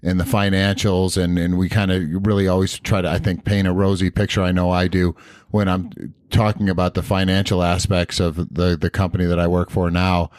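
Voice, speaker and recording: A tired man with a very deep voice co-hosts a casual podcast, rambling and restarting his sentences. The recording is dry and close. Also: level tone, brisk, darkish tone, no room sound. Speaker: podcast co-host.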